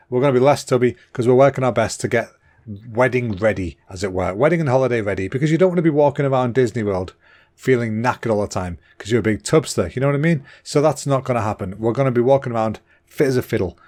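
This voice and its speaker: A man, hosting a casual solo podcast in a chatty, excitable way, slightly out of breath and clearing a clogged throat. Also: mid-range voice, quick pace. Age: 30s. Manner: chatty and excitable, with fillers and restarts. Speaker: podcast host.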